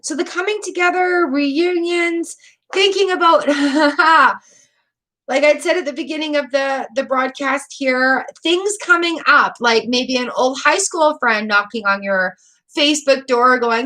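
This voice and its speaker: A woman's voice: high voice, a little slow, bright, forceful tone. A middle-aged woman giving a live tarot reading, chatty, emotional and rambling with fillers. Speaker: tarot reader.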